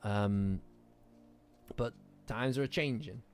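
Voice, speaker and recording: Male host, mid-pitched, sleepy and rambling in a casual chat with his viewers, soft music underneath. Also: slow pace. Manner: rambling, restarts often, yawning and joking with viewers. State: tired, yawning late at night. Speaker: anime and manga commentary channel host. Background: lo-fi background music.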